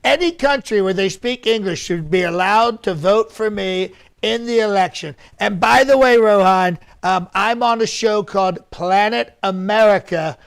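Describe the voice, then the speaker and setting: A boastful older politician who rambles and repeats himself, as a comedian puts him on. The voice sits high for a man, with a gravelly, fry-laden edge. He keeps circling back to brag. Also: moderate pace. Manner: bragging, repetitive, rambling asides. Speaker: comedian doing an impression. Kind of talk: live-stream comedy press conference.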